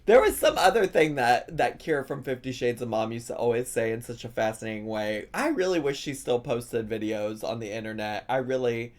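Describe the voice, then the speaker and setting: Lively joking male reaction streamer. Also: medium pitch. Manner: playful, laughs often, drawn-out mock pronunciations. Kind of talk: casual live-stream commentary.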